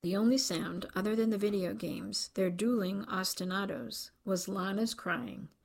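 Gravelly-voiced woman narrating a novel. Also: mid-range voice, unhurried, darkish tone. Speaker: audiobook narrator. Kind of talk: scripted narration.

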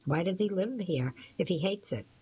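A woman narrator voicing a polite, curious woman visitor with a gentle, slightly lifted voice. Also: on the low side, expressive, moderate pace, slightly rough.

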